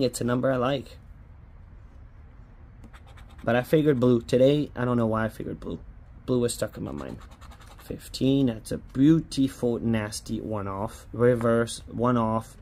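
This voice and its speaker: A man's voice: mid-range voice, a little slow, darkish tone. A man giving casual running commentary as he scratches lottery tickets, chatty and hopeful, pleading with each ticket to hit.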